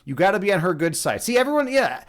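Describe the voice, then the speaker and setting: A man's voice: high voice, very animated, fast talker. A young man hosting a casual livestream, chatting with viewers in a rambling, joking, absurdist way full of fillers and restarts. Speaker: livestream host and meditation instructor.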